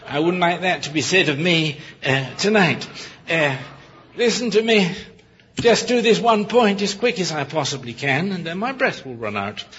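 A man preaching a sermon, emphatic and full of rhetorical questions, often pausing to correct himself with apologies. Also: on the high side, fairly bright tone, a little hiss or hum. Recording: dull lo-fi recording.

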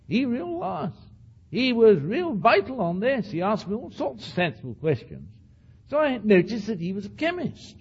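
Older man, accented, husky voice, lively swooping pitch, storytelling lecture, dull lo-fi recording. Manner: animated storytelling with asides to the audience; says he speaks with an accent. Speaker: speaker addressing an audience. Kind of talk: anecdotal lecture.

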